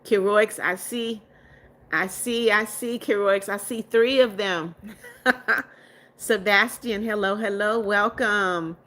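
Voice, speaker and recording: A young woman hosting a casual livestream, chatting to her viewers as their comments come in. Her voice sits at a middling pitch for a woman, and she greets newcomers warmly with repeated hellos and welcomes. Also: fairly even intonation, takes it slowly. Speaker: livestream host. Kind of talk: casual live chat, reading viewer comments aloud.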